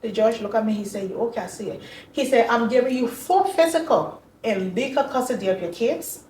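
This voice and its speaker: A woman tells her own story as an interview guest, animated and slipping into the voices of the people she quotes. Her voice sits fairly high. She sounds distant from the mic, in a room that echoes. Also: brisk, a little hiss or hum. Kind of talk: emotional personal storytelling.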